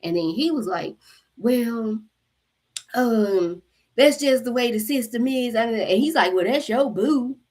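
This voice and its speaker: A woman hosting a spiritual channel, telling a story to her viewers in an animated, profane way and acting out the voices of the people in it. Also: on the high side, slow pace. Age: adult mother. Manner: animated, profane, acts out quotes.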